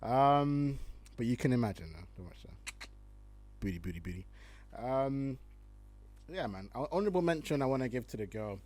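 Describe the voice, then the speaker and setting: A young man, hosting casual online commentary, slangy and animated, laughing often as he reads tweets. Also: medium pitch, moderate pace, long pauses.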